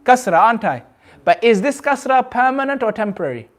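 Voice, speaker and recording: A man's voice: very high-pitched, very animated, a little fast. A man teaching Quran recitation to a class, explaining patiently, repeating his points and quizzing the students. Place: community centre classroom.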